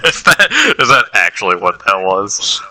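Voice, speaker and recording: A man's voice: on the low side, wildly swooping pitch, measured pace, pushed and bright, poor audio. A young man in casual chat about songs he dislikes, rambling a little and laughing often.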